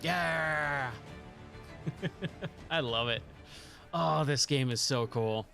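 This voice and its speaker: A man's voice: fairly high pitch, drawn-out words, creaky, sharp tone, faint music behind. A man streaming a video game late at night, chatting casually and enthusiastically about the game and laughing often. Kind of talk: casual gameplay commentary.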